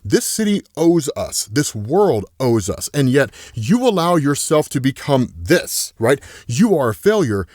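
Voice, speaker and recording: Rich: A deranged, menacing male villain clone with a genius's arrogance, as a man reads his lines aloud in a comics recap. The voice drops a little lower for the threats, but it stays close to an ordinary speaking voice, and the sound is dry and close. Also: sing-song, unhurried, hardly any pauses, darkish tone, no room sound.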